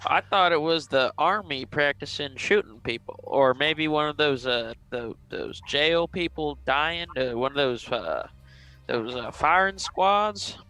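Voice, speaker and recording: A man's voice: a little high, lively intonation, unhurried, pushed and bright, poor audio. A man speaking in character in a tabletop role-playing game, rambling and drawling with many fillers. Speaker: player.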